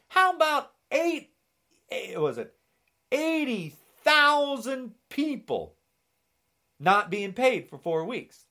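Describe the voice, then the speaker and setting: A man's voice: extremely high pitch, pushed and bright. A man delivering an angry political rant, sarcastic and indignant, often mocking.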